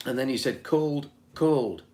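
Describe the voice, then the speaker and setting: A man's voice: a little high, a little mellow. A man from Britain in casual chat, reading back notes from a session in a conversational way. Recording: faint background noise.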